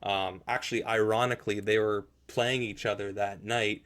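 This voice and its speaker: A man's voice: lowish voice, fairly even intonation, moderate pace, a bit bright. A man hosting a casual basketball podcast, talking in a rambling way with frequent restarts. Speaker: podcast host. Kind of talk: casual sports chat.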